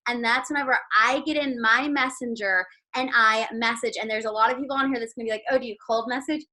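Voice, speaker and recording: Woman, bright and a little high, upbeat pep talk on a video call, chatty with lots of "like". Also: steady tone, fast, poor audio. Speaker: team leader giving sales tips.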